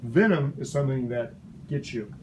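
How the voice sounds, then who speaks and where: A man teaching a lively, playful science lesson to a class of children, asking them questions as he goes. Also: mid-range voice, moderate pace, slight background noise. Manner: animated, playful, asks kids questions. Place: elementary school classroom.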